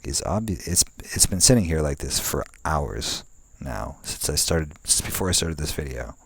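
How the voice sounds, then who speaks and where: With a bass voice that's husky and touched by vocal fry, this young man vlogs outdoors at night, expressive and at normal speed, with no echo. He meanders casually, often restarting and using fillers, and swears now and then in a laid-back way.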